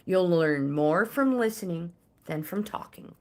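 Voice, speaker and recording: Slow-talking older woman reading tarot. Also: lowish voice, lively intonation, a little mellow, a little hiss or hum. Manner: slow, halting, with pauses and fillers. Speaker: tarot reader and livestream host. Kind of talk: casual livestream card reading.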